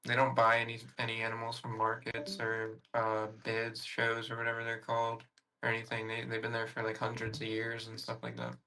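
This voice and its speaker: Man, casual voice chat, tired, hesitant, flat and bright delivery. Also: mid-range voice, fairly quick, low-quality recording. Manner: hesitant, trails off, many fillers. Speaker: voice chat participant.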